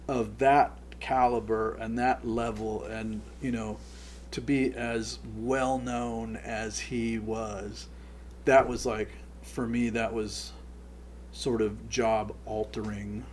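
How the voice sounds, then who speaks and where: A middle-aged man, a production guest, telling behind-the-scenes stories in a casual, animated way and laughing as he goes. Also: mid-range voice, slow, a little hiss or hum. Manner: animated, laughs through his stories and acts out quoted lines. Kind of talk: casual anecdotal storytelling.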